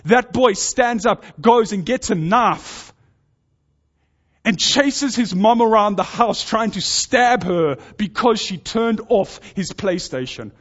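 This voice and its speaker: A man's voice: high-pitched, animated, slow pace, a bit bright. A man preaching a sermon to his congregation, earnest and urging, pressing his points with rising intensity. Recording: dull lo-fi sound.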